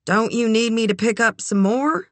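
A woman voicing a shy, reluctant young woman who speaks in a hesitant, low-key way. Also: measured pace, bright, forceful tone, no room sound, full character voice.

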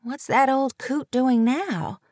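A woman reading an audiobook, voicing a brisk, wry woman teacher with a quick delivery. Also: high voice, darkish tone, no echo, voice pushed up. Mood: puzzled.

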